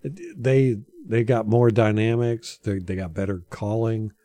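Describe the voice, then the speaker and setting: A man's voice: fairly low pitch, a little slow, warm tone, no echo. A man talking football in a loose, joking way, swearing now and then. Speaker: co-host of a football chat. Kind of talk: casual chat.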